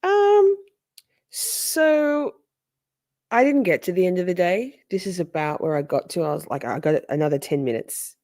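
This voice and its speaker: A woman's voice: fairly low pitch, moderate pace, darkish tone. A woman hosting a casual trial recap, chatty and sarcastic, often acting out quotes in different voices. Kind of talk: casual livestream commentary.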